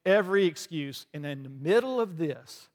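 A man's voice: on the high side, animated, moderate pace, big-room sound. A man preaching from a platform, telling a dramatic story with quoted dialogue and joking asides. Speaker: pastor. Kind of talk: sermon.

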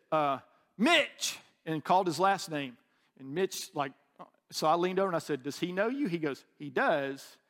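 A man delivers a sermon in a relaxed, conversational manner, often restarting sentences and adding asides. His voice sits notably high for a man. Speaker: pastor.

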